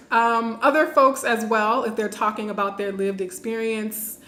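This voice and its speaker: Animated woman host in an echoey room. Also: a little high, unhurried. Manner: animated, laughs often, reads viewer comments aloud. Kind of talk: live-streamed talk with audience questions.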